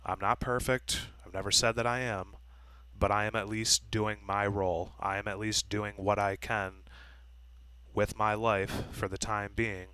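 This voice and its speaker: A man's voice: lowish voice, bright, forceful tone, clean tone, no room sound, rough recording. A man talking straight to camera in a blunt, profane, lecturing monologue. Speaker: vlogger.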